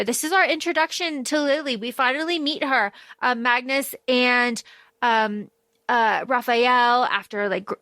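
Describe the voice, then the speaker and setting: A woman co-hosting a podcast, chatting casually and gushing about a book, quoting characters in quick bursts. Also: fairly high pitch, sharp tone, no echo. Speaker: podcast co-host. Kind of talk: casual book discussion chat.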